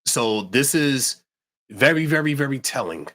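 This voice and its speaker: A man's voice: medium pitch, expressive, a little slow, bright, forceful tone. A man co-hosting a casual livestream chat, laid-back and slangy, often repeating words as he restarts. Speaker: yarn company co-host.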